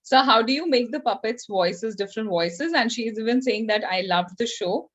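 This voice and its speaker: A woman's voice: fairly high pitch, animated, moderate pace. A woman hosting a school Q&A, reading out questions hesitantly with fillers. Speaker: host reading audience questions. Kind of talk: moderating a school Q&A. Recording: dull lo-fi audio.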